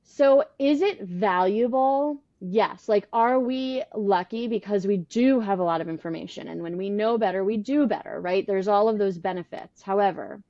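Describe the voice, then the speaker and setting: A woman in her thirties answers podcast questions as a baby sleep consultant, earnest and animated, often restarting her sentences. Her audio sounds dull and lo-fi, and the mic picks up no room at all. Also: medium pitch, moderate pace, few pauses, no room sound. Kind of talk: podcast interview.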